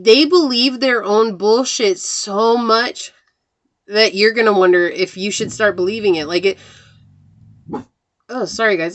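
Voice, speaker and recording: A woman's voice: mid-range voice, fairly bright tone. A woman giving a casual tarot reading to her viewers, chatty and talking straight to them as guys and y'all. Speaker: tarot reader.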